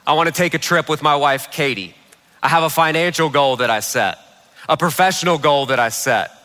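A man preaching a sermon, telling a funny family story with lively comic timing. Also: on the high side, fairly quick, long reverb tail. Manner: humorous, animated storyteller. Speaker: pastor.

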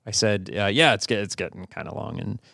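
Gravelly low-voiced man telling a story. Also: a little fast, bright, forceful tone, dry recording, clean studio sound. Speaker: podcast co-host. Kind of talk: casual chat, storytelling.

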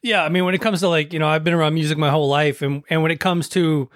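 A man's voice: a little high, fairly even intonation, quick pace, dry recording, clean studio sound. A male interviewer asking questions hesitantly, with repeated words. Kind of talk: casual interview.

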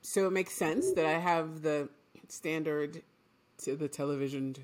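A woman from Trinidad with a slightly low voice and a polished, newscaster-style delivery. She chats casually on a podcast and grows lively as she talks. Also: measured pace. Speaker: journalist, podcast co-host. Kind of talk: casual conversation.

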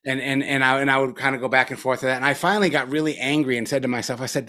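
A man's voice: medium pitch, fairly even intonation, very fast, hardly any pauses, bright, forceful tone. A middle-aged man giving a casual dharma talk as a meditation teacher, loose and profane, with many fillers, a little spaced out after a retreat.

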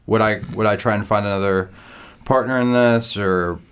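Man, podcast co-host, low voice, casual jokey chat, rambling. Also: fairly even intonation, normal speed, fairly bright tone, clear, resonant tone. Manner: laid-back, jokey, rambling storyteller.

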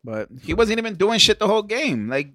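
A young man on a casual podcast telling animated stories, acting out quotes and swearing a lot. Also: high voice, fairly quick, no echo, clean studio sound. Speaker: podcast co-host.

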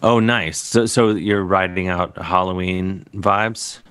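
A man's voice: sits low, fairly even intonation, takes it slowly, fairly bright tone, clear, resonant tone, no echo. A man hosting a live call-in comedy show, joking and teasing his callers. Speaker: host.

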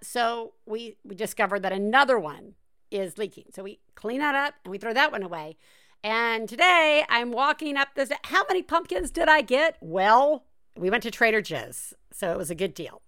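A woman from the American South hosts a podcast in loose, chatty talk. She laughs easily and strings thoughts together with fillers. Her voice sits a little high. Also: bright, forceful tone. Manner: chatty, laughs often, filler-heavy storytelling. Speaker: podcast host. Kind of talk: casual chat.

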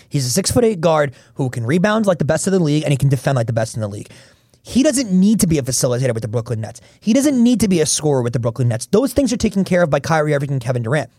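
A male sports podcast host who talks quickly and argues his points with emphasis. His voice sits a little high, and the sound is dry and close. He comes across as opinionated in casual chat. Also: darkish tone, no echo. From Philadelphia area.

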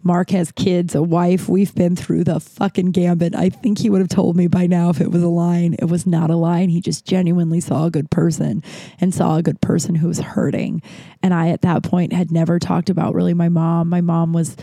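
Gravelly, candid woman telling a story. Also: lowish voice, level tone, normal speed, dark tone, dry recording. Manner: candid, profane, rambling with restarts. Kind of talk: casual personal storytelling.

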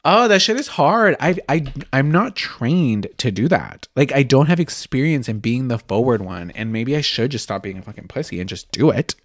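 A young man with a medium-pitched voice talks at normal speed with few pauses while hosting a podcast. The conversation is candid and casual, and he's gushing and expressive, occasionally slipping into whispers.

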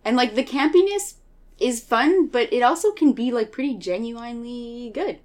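A woman in casual chat as a podcast co-host, retelling scenes with lively quoted voices. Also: a little high. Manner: animated storyteller, acts out scenes with quick quoted voices.

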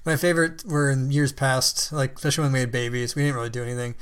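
A man in his thirties, co-hosting a casual podcast chat, telling stories in an animated way with frequent laughs and casual swearing. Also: medium pitch, fast, smooth.

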